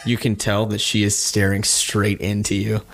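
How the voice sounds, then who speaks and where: A man's voice: fairly low pitch, monotone, moderate pace, gravelly, a little hiss or hum. Chatty male game master. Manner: loose, chatty narration with fillers and laughs. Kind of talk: narrating a tabletop game.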